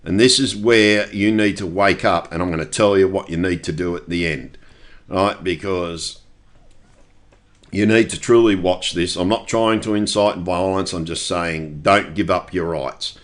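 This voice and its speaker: A middle-aged man with a fairly low voice, talking straight to his viewers. He rambles and swears constantly, hammering every point home with blunt insistence. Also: a little slow. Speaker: conspiracy video maker. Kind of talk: rambling monologue to camera.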